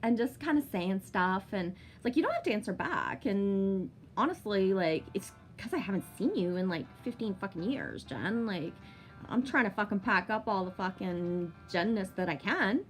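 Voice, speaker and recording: A woman's voice: medium pitch, animated, moderate pace, soft background music. A woman in her thirties telling a long personal story in a chatty vlog, swearing freely and using many fillers. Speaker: vlogger. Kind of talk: casual storytelling monologue.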